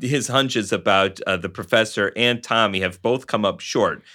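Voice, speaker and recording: A man's voice: fairly low pitch, moderate pace, sharp tone. A man co-hosting a podcast, chatting casually and reading a novel aloud, with wry, laughing asides. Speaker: podcast co-host and reader.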